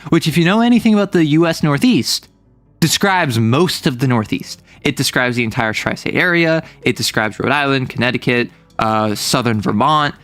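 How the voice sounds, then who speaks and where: A young man from the US Northeast chats with his stream audience. His voice sits at an ordinary pitch, and he rambles freely, piling on fillers and restarts. Soft music plays faintly behind him. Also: moderate pace, dry recording. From US Northeast, near New York City. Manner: rambling, chatty, many fillers and self-corrections. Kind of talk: casual livestream chat reading chat.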